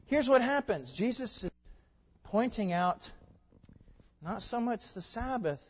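With a husky voice that sits high, a male pastor delivers a sermon conversationally, posing questions to the congregation and alternating loud emphasis with quiet asides. The recording has long reverb and a dull lo-fi quality.

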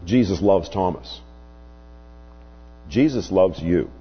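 Speaking slowly and with lively intonation, a male preacher with a husky voice delivers his sermon, letting his pitch rise and fall dramatically to stress points. A long hall reverb follows every line, and the dull, lo-fi audio carries a faint mains hum.

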